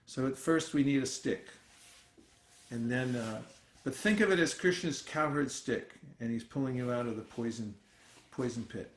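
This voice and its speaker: A man acting as a spiritual teacher leads a scripture class, telling stories in a musing, halting manner full of fillers. His pitch is medium and the sound reverberant.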